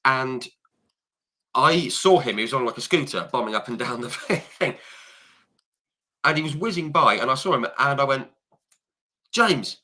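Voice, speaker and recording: A man's voice: mid-range voice, moderate pace, pauses often, sharp tone. A man hosting a podcast, chatty and storytelling, acting out what people said to him. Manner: chatty storyteller, acts out quoted dialogue. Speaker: podcast host. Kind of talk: casual podcast chat.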